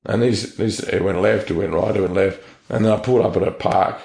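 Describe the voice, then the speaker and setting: Australian man, low gravelly voice, warm dark tone, echoey room, blunt testimony. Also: brisk. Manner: blunt, earnest storytelling with slang. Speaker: interview guest. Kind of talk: personal testimony.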